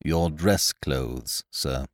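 Guy doing a solemn old landlord, real low and slow, super formal and proper. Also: no room sound, studio quality, full character voice. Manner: grave, deferential, slow and measured. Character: solemn older male landlord, stiff and formal.

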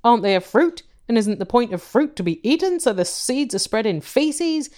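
A woman co-hosting a podcast, chatting casually with dry, deadpan quips. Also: a little high, moderate pace. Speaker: podcast co-host. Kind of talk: casual chat.

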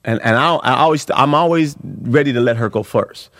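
A middle-aged man, a comedian, chatting casually and telling stories in an animated way, often restarting his sentences and swearing freely. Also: medium pitch, fairly quick, creaky, no echo, studio quality. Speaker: comedian guest. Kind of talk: casual podcast chat.

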